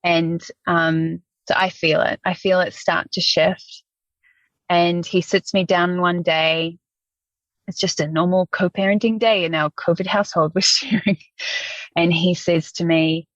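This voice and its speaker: Middle-aged woman, podcast guest, candid storytelling; low-ish voice, dry muffled mic. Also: steady tone, measured pace, no echo. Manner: reflective, open, frequent ums.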